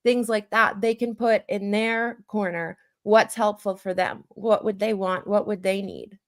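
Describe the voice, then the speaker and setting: A woman's voice: medium pitch, fairly even intonation, a little slow. Chatty woman guest, full of fillers. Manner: chatty, heavy use of "like" and self-corrections; plays out little dialogue bits in a raised voice. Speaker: guest who counsels children and parents. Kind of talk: casual conversational interview.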